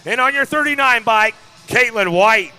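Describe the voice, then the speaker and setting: A man's voice: very high-pitched, animated, moderate pace, pushed and bright, clean tone, faint music behind. A man calling a BMX race live, hyped, reading out riders by bike number. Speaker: race announcer. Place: outdoor BMX track.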